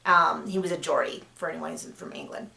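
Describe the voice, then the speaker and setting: A woman author gives casual writing advice to camera, chatty and full of fillers and self-corrections. Her voice sits low with vocal fry and a sharp tone, and she talks a little fast. The room has a noticeable echo.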